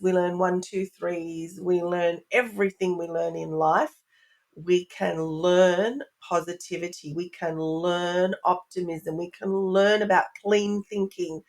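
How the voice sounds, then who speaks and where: A middle-aged woman talks as a podcast guest at a moderate pitch. She explains her ideas earnestly and piles up rhetorical questions, with a warm, teaching tone that stays even. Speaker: parenting expert guest. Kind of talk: podcast interview answer.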